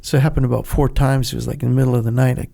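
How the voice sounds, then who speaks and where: A man's voice: medium pitch, level tone, racing, gravelly, mellow. A man in his seventies, a guest on an interview show, telling blunt, profane stories in a casual way and acting out the dialogue as he goes. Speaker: guest, Vietnam veteran.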